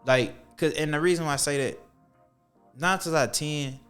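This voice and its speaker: A young man from Atlanta, a podcast guest talking casually and preaching his views with slang and lively storytelling. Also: a little high, moderate pace, smooth. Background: faint music.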